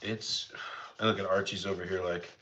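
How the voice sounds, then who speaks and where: A man's voice: level tone, normal speed, fairly bright tone, slight background noise. A young man hosting a casual cooking livestream, chatting easily with viewers and talking to his dogs. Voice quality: easygoing, rambling and chatty. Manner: talks to his dogs in a higher voice. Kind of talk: casual live chat with viewers. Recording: slightly dull lo-fi sound.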